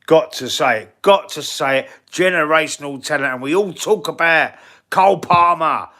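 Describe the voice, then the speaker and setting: A man's voice: fairly high pitch, sharp tone. A man with a Cockney accent hosting a casual football live stream, blunt and swearing freely as he answers the chat. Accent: London Cockney. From England.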